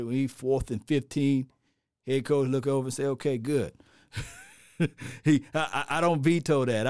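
A middle-aged man giving opinionated casual sports commentary as a host, animated and rambling, repeating himself and adding preachy asides. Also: mid-range voice, no room sound, studio quality.

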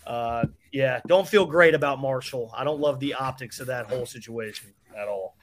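A man's voice: mid-range voice, moderate pace. Wry man, a podcast guest. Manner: wry, sardonic asides. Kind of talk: casual sports podcast chat.

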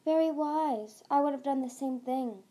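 A woman voicing a sly, scheming desert dragon queen in a storybook reading, drawn-out and smooth. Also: high voice, warm tone, voice pushed up, natural voice.

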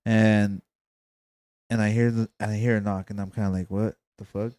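A young man with a low, smooth, resonant voice rambles through a story with friends, dropping slang and curse words. He sounds close and dry on the mic, as on a home podcast. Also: level tone, normal speed, darkish tone, no room sound. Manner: rambling, slangy, swears often. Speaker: podcast co-host. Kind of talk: casual storytelling among friends.

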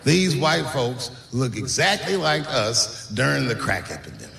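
A man's voice: medium pitch, very animated, creaky, bright, forceful tone, a little hiss or hum. A man doing stand-up comedy, telling stories and acting out other people's voices, stretching his punchlines. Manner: storytelling with acted-out voices, drawn-out punchlines. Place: comedy stage before a live audience. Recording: echoey live venue with audience.

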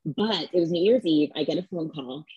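A woman's voice: sits low, brisk, mellow, husky, no room sound, highs cut off. A woman in her thirties, a interview guest, telling a story in a chatty way full of fillers and acted-out quotes. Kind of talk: casual storytelling.

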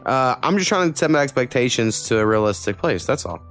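Blunt, foul-mouthed podcast host. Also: male voice, medium pitch, very animated, a bit bright, soft background music. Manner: blunt, swears a lot, talks in quick bursts. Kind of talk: casual podcast chat.

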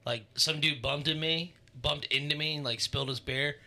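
A man's voice: fairly high pitch, steady tone, moderate pace, gravelly, sharp tone. A man co-hosting a podcast, telling laid-back, profane stories in casual chat. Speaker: podcast co-host.

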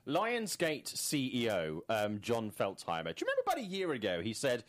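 Punning man, very lively pitch. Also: a little fast, hardly any pauses. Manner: jokey, punning, very animated delivery. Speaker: podcast co-host. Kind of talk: casual movie news chat.

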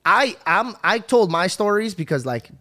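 A man's voice: sits high, big pitch swings, normal speed, bright, forceful tone. A male comedian in casual podcast chat, laid-back, swearing and calling people bro.

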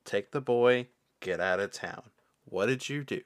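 A man's voice: mid-range voice, measured pace, dry recording, studio quality. A man who is a player in a tabletop role-playing game, speaking in character in an easygoing, friendly, teasing way.

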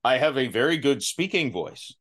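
A man's voice: medium pitch, very animated, normal speed, a bit bright. A man hosting a podcast, talking casually and self-deprecatingly, often restarting his sentences. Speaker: podcast host. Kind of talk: casual chat.

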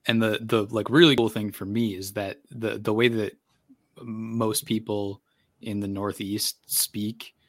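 A man's voice: fairly low pitch, level tone, a little slow, dry recording, clean studio sound. A man in a casual podcast chat, thoughtfully explaining with many fillers.

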